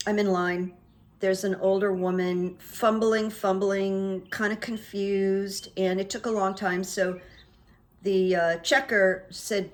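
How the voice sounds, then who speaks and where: Middle-aged woman host, solo news-commentary monologue, opinionated and chatty, mid-pitched. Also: steady tone, slow. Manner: chatty, opinionated, with asides and fillers. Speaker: host of a psychic commentary channel. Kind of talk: casual political commentary monologue.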